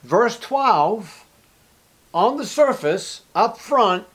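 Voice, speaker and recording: Male preacher, slightly high voice, sermon delivery, acts out dialogue and repeats for emphasis. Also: big pitch swings, very slow, fairly bright tone, slightly rough. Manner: acts out short dialogue between characters, emphatic repetition.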